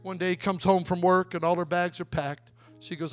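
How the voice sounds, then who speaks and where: A young man preaching a sermon, telling a family story and then building to loud, shouted appeals. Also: high-pitched, steady tone, normal speed, few pauses, soft background music.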